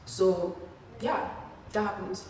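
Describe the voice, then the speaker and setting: A young woman telling a storytime vlog, animated and acting out the people she quotes. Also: slow pace. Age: young adult. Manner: animated, acting out quotes with sudden pitch jumps. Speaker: vlogger. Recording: echoey room, far from mic, faint hiss.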